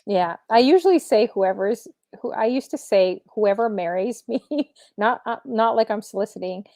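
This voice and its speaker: A woman's voice: fairly high pitch, lively intonation, normal speed, warm tone, no room sound. Chatty woman, dry close sound. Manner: chatty, rambling, giggly storyteller. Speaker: guest DJ and streamer. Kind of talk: casual chat.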